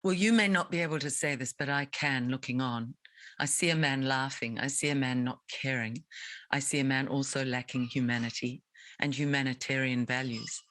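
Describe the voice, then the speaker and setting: A woman's voice: a bass voice, normal speed, a bit bright, no echo, rough recording. A woman interviewing a guest, speaking in an indignant, emphatic and rhetorical way. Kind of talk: impassioned advocacy interview.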